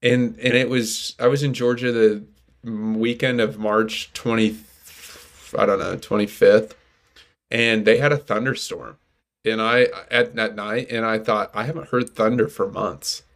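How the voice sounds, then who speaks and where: A man's voice: fairly low pitch, flat delivery, a little slow, a bit bright. A young man co-hosting a casual faith podcast, rambling and restarting his sentences. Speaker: podcast co-host. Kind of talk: casual chat.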